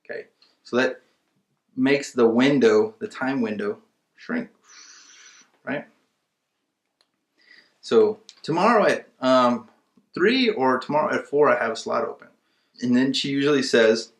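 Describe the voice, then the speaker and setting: A mid-range male voice, moderate in pace with long pauses, carries through an echoey room. The speaker, an instructor in real estate investing, keeps his casual webinar conversational and emphatic, dramatizing lines from sellers he's called.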